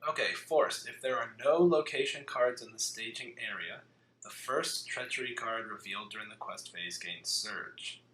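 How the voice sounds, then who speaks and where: Recorded in an echoey room with a faint hiss behind him, this man has a medium pitch and a bright, forceful tone. He's the host of a laid-back card game podcast, joking around while reading the rules out quickly.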